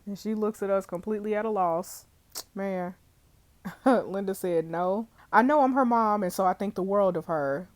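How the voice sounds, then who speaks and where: A young woman reading a detective game's dialogue aloud, voicing all the characters in her own voice and adding quick asides. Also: mid-range voice. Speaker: streamer playing a detective game.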